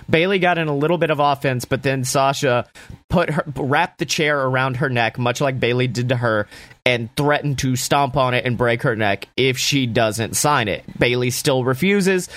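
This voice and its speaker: A man recapping a wrestling show in a casual, enthusiastic way, swearing freely and throwing in quick asides. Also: mid-range voice, a bit bright, no room sound.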